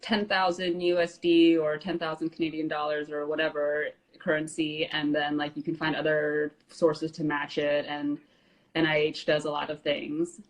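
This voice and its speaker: A woman's voice: low voice, little pitch movement, normal speed, low-quality recording. A woman co-hosting a casual live-stream chat, speaking loosely with lots of "like" and "um". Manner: casual, heavy on "like" and "um", laughs easily. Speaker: co-host.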